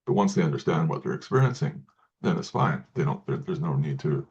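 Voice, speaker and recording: Man, extremely low voice, halting and repetitive, muffled recording. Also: sing-song, gravelly, darkish tone. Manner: halting, many restarts and repeated words. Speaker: guest speaker. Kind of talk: casual interview talk.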